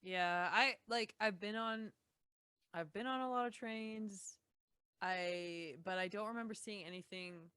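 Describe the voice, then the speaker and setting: A woman's voice: mid-range voice, a little slow, bright, forceful tone, smooth, dry recording. A young Canadian woman from Saskatchewan, a musician guest chatting casually on a podcast with lots of fillers and restarts.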